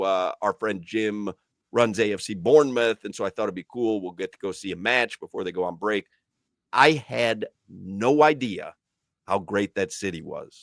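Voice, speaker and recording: American radio host, dry studio sound. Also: male voice, fairly low pitch, creaky, a bit bright, dry recording. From United States. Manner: jokey, puts on mock British phrases. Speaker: radio sports talk host. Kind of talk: casual sports radio banter.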